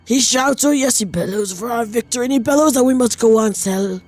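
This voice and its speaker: A woman's voice: a little high, brisk, a little mellow, natural voice. A woman streamer voicing a grandiose old female ship captain, improvising a mock-solemn, archaic voice-over.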